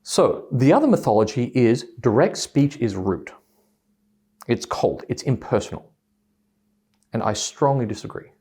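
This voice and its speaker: A man's voice: mid-range voice, a little slow, long pauses, breathy edge. A man telling a story to an audience about communication styles, acting out both sides of a quoted argument. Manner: animated, acts out both sides of quoted dialogue.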